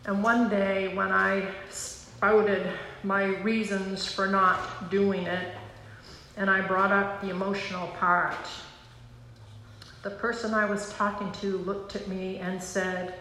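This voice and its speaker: A woman pastor giving an earnest, emotional personal testimony from the pulpit, slow and pausing. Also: medium pitch, little pitch movement, a bit bright, a little hiss or hum. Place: church sanctuary. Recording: roomy church hall sound.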